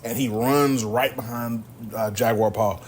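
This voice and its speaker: A man hosting a podcast, retelling a film's plot casually and full of slang. He tells it with energy, in a voice of ordinary middle pitch, and faint ambient noise sits under his voice. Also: steady tone, unhurried. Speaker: podcast host. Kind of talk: casual movie recap.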